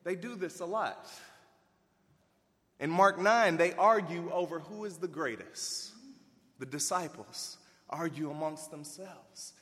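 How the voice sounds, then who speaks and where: A man preaching a sermon, animated and folksy, swinging between loud emphasis and hushed asides. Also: on the high side, slow, long reverb tail. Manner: folksy, addresses listeners as y'all.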